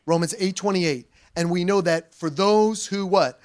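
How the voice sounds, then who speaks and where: A male pastor delivering a sermon in a high-pitched voice. He preaches in an animated, conversational way, reading scripture and dropping in playful slang asides. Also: unhurried.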